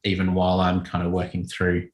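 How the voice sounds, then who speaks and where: A man, a children's author, answering interview questions in a thoughtful, self-correcting, relaxed way. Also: sits low, brisk. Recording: echoey room.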